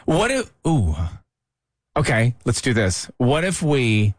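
A man's voice: mid-range voice, big pitch swings, slow, dry recording, studio quality. A man in his thirties hosting a morning radio show in casual, playful banter, laughing often. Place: radio studio. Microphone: studio microphone.

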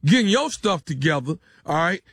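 A man's voice: fairly high pitch, big pitch swings, normal speed, a bit bright, husky, no room sound. A man making a prank call on a morning radio show, pushing and confronting the person he calls. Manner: pushy and confrontational.

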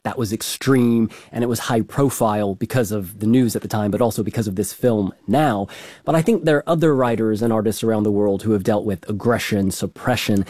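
Low, mellow man. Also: dry recording. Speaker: arts correspondent. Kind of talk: radio discussion.

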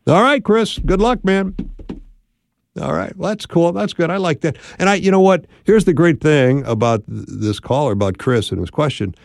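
Upbeat radio host, dry studio sound. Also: male voice, fairly high pitch, lively intonation, moderate pace, creaky, no room sound. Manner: upbeat, encouraging, conversational. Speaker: radio call-in show host. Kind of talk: call-in radio advice.

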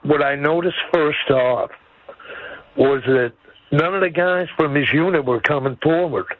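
A man's voice: fairly high pitch, measured pace, no room sound. Blunt older man calling in by phone. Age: 70s. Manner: blunt, folksy. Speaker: caller. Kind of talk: call-in radio chat. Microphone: phone call. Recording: dull phone line.

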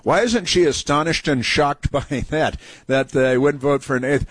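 A man's voice: on the high side, normal speed, few pauses, dry recording. Man, talk radio host, sarcastic, indignant, rambling, dry close studio mic. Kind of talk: opinionated talk radio commentary.

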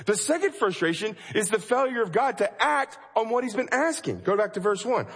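A pastor preaching a sermon, acting out anguished prayers in a pleading tone and repeating phrases for emphasis. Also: male voice, high voice, very animated, a little fast, hardly any pauses, slightly rough. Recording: long reverb of a large hall.

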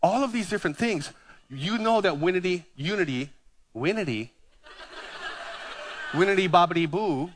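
A male pastor in his fifties from Hawaii, preaching a sermon full of personal stories told with animated, self-deprecating humor. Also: a little high, slight background noise. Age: 50s.

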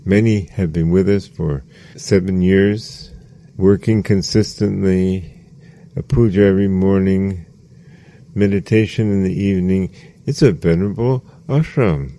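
Slow, low-voiced man giving a sermon. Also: fairly even intonation, dark tone, no room sound. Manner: slow, measured, repeats phrases for emphasis. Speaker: spiritual teacher.

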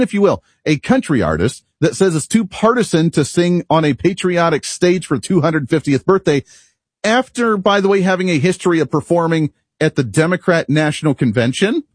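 A man's voice: fairly high pitch, breathy edge, no echo. A man hosting a political talk radio show in the studio, speaking in an opinionated, brash and jokey way. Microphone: studio microphone.

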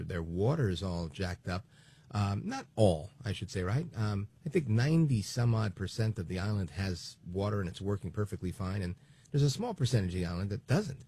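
A man in his late forties hosting a political talk radio show, chatty and digressive, with lively bursts of emphasis. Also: fairly low pitch, fairly quick, slightly rough. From New Jersey, USA.

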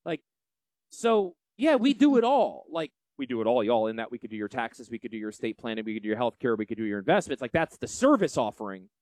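A man with a Yankee accent hosting a financial show, brash and salesy in a folksy promotional pitch. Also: quick pace, few pauses, dry recording. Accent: Northeastern US. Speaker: financial advisor and show host. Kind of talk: promotional radio talk.

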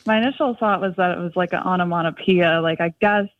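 A woman calling in to a radio show, chatty and quick to laugh. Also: on the low side, no echo. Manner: chatty, laughs often, many likes. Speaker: caller. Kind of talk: casual phone-in chat. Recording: tinny phone line.

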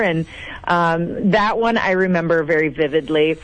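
An animated, gushing woman from South Dakota tells stories as a mayor being interviewed. She talks freely and excitedly, and her voice is recorded close and dry, with no room sound. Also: moderate pace, dry recording, poor audio. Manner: animated, gushing, acts out quotes in a higher voice. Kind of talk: casual storytelling in an interview.

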